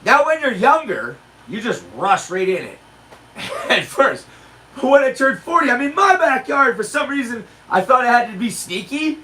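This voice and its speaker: A man in his forties doing stand-up, telling animated stories with shouted punchlines. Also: very high voice, moderate pace, distant mic, poor audio. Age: 40s. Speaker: stand-up comedian. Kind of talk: livestreamed stand-up rehearsal.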